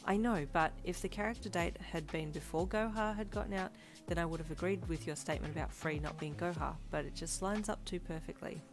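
A woman's voice: on the low side, fairly quick, hardly any pauses, music in the background, close to an everyday voice. A woman reading the lines of a determined young woman, earnest and playful, in a fanfiction story. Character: determined young woman, team leader in a game.

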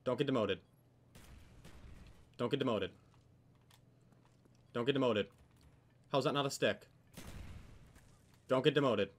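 A young man giving live commentary over a video game, swearing often and yelling when things go wrong. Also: mid-range voice, lively intonation, measured pace, pauses often. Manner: swears a lot, yells when frustrated. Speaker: gaming commentator.

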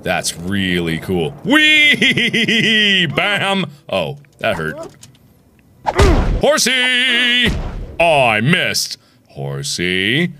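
A man giving excitable, jokey commentary while playing a video game, swinging between yelps and mutters. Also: fairly high pitch, very slow, noisy background. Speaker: gaming video host. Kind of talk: gameplay commentary.

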